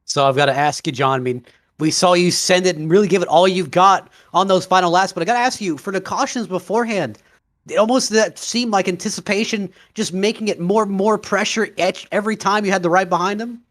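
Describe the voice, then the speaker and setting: Color commentator, male, high voice, easygoing analysis. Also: a little fast, a bit bright. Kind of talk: race broadcast commentary.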